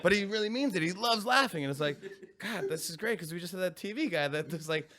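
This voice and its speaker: A man in his forties with a bright, sharp voice tells animated stories in an interview. He acts out little voices as he goes and laughs often. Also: high voice, fast talker. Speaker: comedian guest. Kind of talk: casual interview chat.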